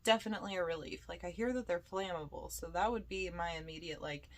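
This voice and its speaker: A woman's voice: on the low side, fast. A young woman, a podcast host and paranormal investigator, telling a ghost story in a loose, chatty way with lots of fillers and acted-out quotes. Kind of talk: casual storytelling.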